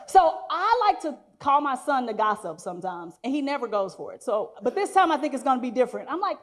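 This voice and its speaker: Forties woman comic, high bright voice, animated storyteller doing bits and impressions. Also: fast, hardly any pauses. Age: 40s. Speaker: stand-up comedian. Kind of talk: stand-up comedy set. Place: live venue before guests.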